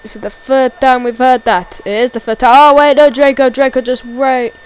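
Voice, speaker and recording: A woman giving excited amateur play-by-play wrestling commentary, repeating each call and shouting at the big moves. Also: on the high side, normal speed, slight background noise, poor audio.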